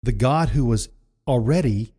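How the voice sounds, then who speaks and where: A man's voice: medium pitch, unhurried, warm tone, husky. A man preaching a sermon in a conversational, emphatic way, often repeating himself for effect. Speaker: pastor.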